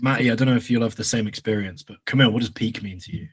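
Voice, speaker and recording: A young man with a fairly low, husky voice trades blunt, jokey banter. He talks in slang and swears casually throughout the chat. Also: rapid-fire. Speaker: podcast co-host.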